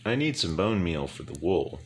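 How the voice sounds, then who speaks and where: A man's voice: low voice, big pitch swings, normal speed, a little hiss or hum. A sleepy man narrating his game casually to viewers, trailing off and mumbling to himself as he plays. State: very sleepy, yawning. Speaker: gaming YouTuber. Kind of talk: casual gameplay commentary.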